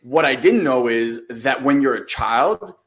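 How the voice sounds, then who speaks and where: A man in his thirties co-hosting a podcast, telling a story in a loose, animated way and acting out the lines he quotes. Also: medium pitch, a little slow. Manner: animated storytelling, acts out quotes, swears casually. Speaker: podcast co-host. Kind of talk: casual conversation.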